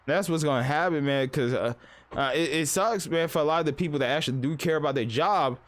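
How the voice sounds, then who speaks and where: A man's voice: a little high, fast talker. A man live-streaming, ranting casually and profanely in a rambling, storytelling way.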